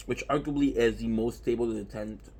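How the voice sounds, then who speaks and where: A man talking casually and with energy, his voice a little husky and grainy. He keeps stressing his points and asking rhetorical questions as he speaks straight to his audience. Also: medium pitch, brisk. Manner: animated, emphatic, with repeated rhetorical questions. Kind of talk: casual anime talk to viewers.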